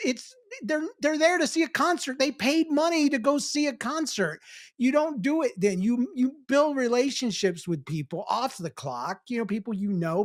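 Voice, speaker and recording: A man co-hosting a podcast in casual chat, giving opinions and joking along. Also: sits high. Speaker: podcast co-host.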